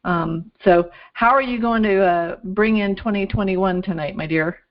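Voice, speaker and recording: A woman's voice: medium pitch, normal speed, lo-fi sound. A woman hosting an interview show, earnest and encouraging as she thanks her guest. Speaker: show host. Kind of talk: casual interview talk.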